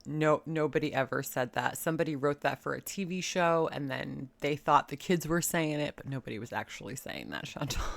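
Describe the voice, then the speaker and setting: A woman's voice: sits low, brisk, creaky, few pauses, no room sound. A woman giving casual, sarcastic commentary as she reacts to a video clip. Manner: sarcastic, mocking.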